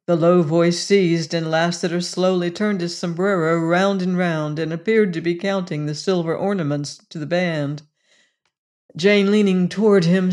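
A narrator reads a classic novel aloud, slow and measured. The voice sits at a middle pitch. Each phrase is given room. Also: darkish tone. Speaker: audiobook narrator. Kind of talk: scripted narration.

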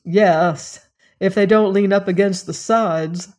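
A narrator voicing a good-tempered young gentleman who answers with frivolous, dry wit, read as a character in an audiobook. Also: medium pitch, fairly even intonation, close to an everyday voice. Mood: wry. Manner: frivolous, dry and quick-witted.

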